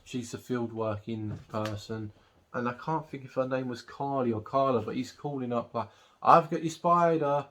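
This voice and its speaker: A man in a casual movie review vlog, talking at an everyday middle pitch. He recaps the plot loosely, pausing often on ums and uhs as he goes. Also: fairly even intonation, a little hiss or hum. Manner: rambling recap with many fillers. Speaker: film reviewer.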